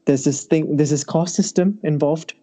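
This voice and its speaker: A man's voice: a little high, fairly even intonation, normal speed, mellow. A young man hosting a podcast, casually telling a personal story with lots of animation and laughter. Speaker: podcast host. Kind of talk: casual chat.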